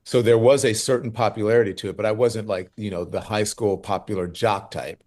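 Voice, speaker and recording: A man in his fifties from Louisiana, a guest journalist telling lively stories in an interview and acting out what others said. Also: fairly low pitch, a little fast. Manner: animated, lively storyteller who acts out quoted voices. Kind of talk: conversational interview storytelling.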